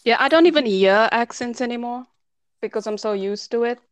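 A woman's voice: on the high side, brisk, smooth, dry recording. A young adult woman with a South African accent, from Cape Town, chatting casually as a podcast guest and telling stories with easy laughs.

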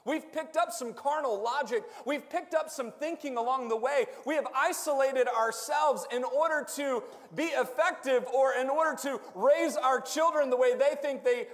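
High-voiced preacher in a reverberant hall. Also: male voice. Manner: call-and-response preaching, rising to shouts. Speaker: pastor. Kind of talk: sermon.

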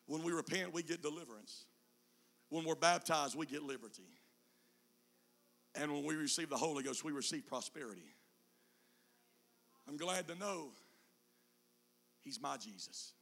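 A man preaching a sermon, moving between quiet low teaching passages and shouted, sung climaxes with an "uh" before each phrase. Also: vocal fry. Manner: whooping preacher cadence, "uh" between chanted phrases.

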